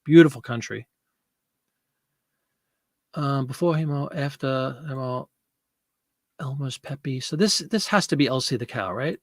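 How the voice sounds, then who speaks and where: A man with a medium-pitched, lively voice hosts a casual live selling stream, chatting, rambling and laughing often as he reads viewer comments aloud and answers them. He speaks unhurriedly with long pauses. The studio-quality recording has no room sound.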